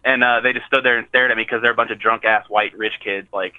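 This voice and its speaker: Guy rambling fast from his car, cusses a lot, sounds like a phone line. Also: mid-range voice, steady tone. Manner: laid-back, swears freely. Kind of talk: casual podcast chat. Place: sitting in a parked car.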